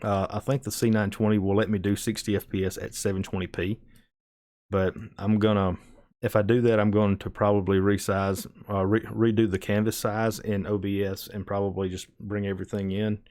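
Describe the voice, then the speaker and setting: Low-voiced man with a Southern American drawl. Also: little pitch movement, brisk, darkish tone. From Southern United States. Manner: rambling, restarts words often. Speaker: live streamer. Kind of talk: casual chat with viewers.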